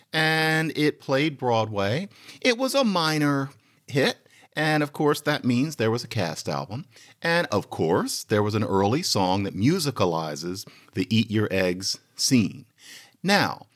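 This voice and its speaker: A podcast host in lively, chatty commentary, explaining a point to listeners. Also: male voice, mid-range voice. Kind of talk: lecture-style commentary.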